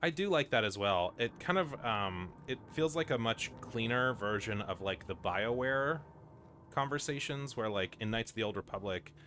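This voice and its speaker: A man's voice: medium pitch, animated, normal speed, fairly bright tone, slight background noise. A man streaming a video game, chatting casually with lots of fillers and wry asides. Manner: rambling, filler-heavy, wry. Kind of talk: casual gameplay commentary.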